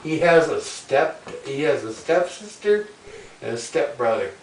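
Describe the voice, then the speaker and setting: A man's voice: on the high side, sing-song, unhurried, slight background noise. A man telling a crude family story in blunt, profane casual talk, raising his voice when he quotes people. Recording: echoey room, mic far off.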